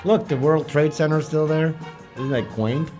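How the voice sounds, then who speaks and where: A man's voice: a little high, moderate pace, a little mellow. A man hosting a livestream, chatting casually and joking as he watches a film, with music playing behind him. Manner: joking, irreverent, swears freely, laughs at what he watches. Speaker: livestream host.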